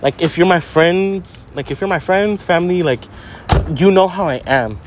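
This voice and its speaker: A man's voice: high-pitched, normal speed, noisy background. A young man talking casually and profanely in a brash, joking manner from a parked car. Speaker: vlogger. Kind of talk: casual monologue vlog.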